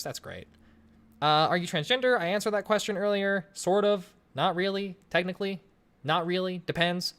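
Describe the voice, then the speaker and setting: Streamer in their 20s from Colorado, casual chat Q&A at a home webcam; chatty, jokey, lots of restarts, very bouncy pitch. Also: fairly bright tone. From Colorado, USA. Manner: rambling, joking, chatty with frequent restarts. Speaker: livestream host. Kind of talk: casual livestream Q&A reading chat aloud. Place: home room, in front of a webcam. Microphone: desk microphone on a stream setup.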